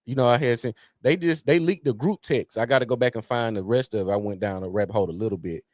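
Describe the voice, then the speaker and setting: A man in casual podcast chat, animated and emphatic, repeating his points for effect. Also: medium pitch, fast, dry recording, clean studio sound. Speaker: podcast co-host.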